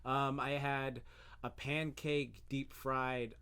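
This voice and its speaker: A young man in casual podcast chat, his voice clear and smooth at a middle pitch. He tells loose, animated stories, swears freely and drops into silly voices. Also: slow. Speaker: podcast co-host.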